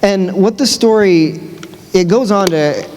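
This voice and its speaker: High-voiced male preacher in a reverberant church. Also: unhurried, a little hiss or hum. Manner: casual storytelling with lively asides. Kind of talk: sermon. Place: large church. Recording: long church-hall reverb.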